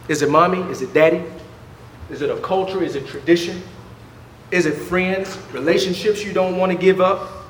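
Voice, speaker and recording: High-voiced preacher in an echoing hall. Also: male voice, slight background noise. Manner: fervent, with rhetorical questions and stammered restarts. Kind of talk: sermon.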